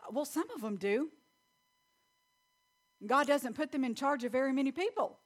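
A woman's voice: high voice, lively intonation. Emphatic woman preaching a sermon. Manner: emphatic, repeats key lines slowly. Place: church.

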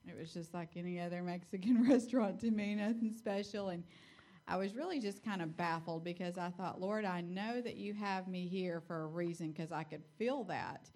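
A woman sharing a personal testimony in church. She tells it in a chatty, quick way, her voice sitting slightly low for a woman. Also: mellow. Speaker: church member telling a story.

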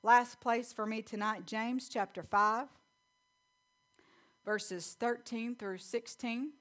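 A young woman preaching a sermon in church, emphatic and slowly repeating key lines. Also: a little high, fairly even intonation, a bit bright.

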